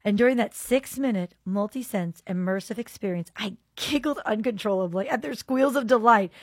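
A woman hosting a faith podcast, telling a personal story with lively expression and moving into quiet, earnest prayer. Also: mid-range voice, normal speed, no echo.

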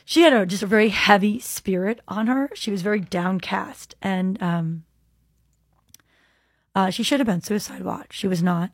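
A woman's voice: medium pitch, normal speed, dry recording, clean studio sound. A woman hosting a podcast, telling an earnest, heartfelt faith testimony about her jail ministry. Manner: earnest, heartfelt storytelling with many "um"s.

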